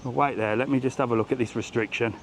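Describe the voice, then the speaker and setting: A man's voice: medium pitch, steady tone, quick pace. A British man livestreaming a travel vlog as he walks a resort strip, ranting bluntly and swearing casually while greeting people. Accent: British English. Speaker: travel vlogger. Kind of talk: live street walk-and-talk vlog. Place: outdoors on a busy resort strip. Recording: faint street noise behind the voice.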